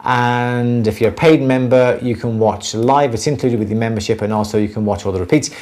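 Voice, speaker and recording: A man's voice: medium pitch, fairly even intonation, fairly quick, darkish tone. A man co-hosting a jewellery livestream, chatting in a loose, rambling way and often repeating himself. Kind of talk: casual livestream chat.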